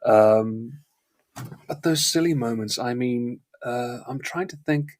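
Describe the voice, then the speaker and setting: A man's voice: medium pitch, takes it slowly, a little mellow. A man from South Africa who speaks with a polished British-schooled accent, a guest telling stories in a rambling, wry way on a live chat show. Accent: British-educated English, not South African.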